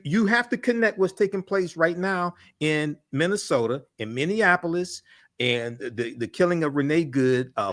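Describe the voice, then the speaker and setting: Male panelist, slightly high pitch, forceful political commentary with frequent filler pauses.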